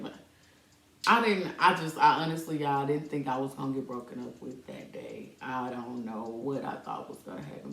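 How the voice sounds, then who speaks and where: Animated low-voiced woman telling a story. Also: reverberant, recorded from a distance. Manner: animated, breaks into laughter, speaks to "y'all". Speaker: podcast host. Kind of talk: casual storytelling to the audience.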